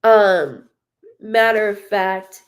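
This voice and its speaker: A psychic medium gives a live reading, passing along spirit messages in an emotional, meandering style full of fillers. Her voice is mid-range, and she talks extremely slowly.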